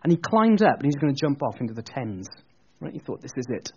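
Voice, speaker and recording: A man preaching a sermon, telling a story in an animated, chatty way with jokey asides. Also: medium pitch, fast talker, breathy edge, dull audio.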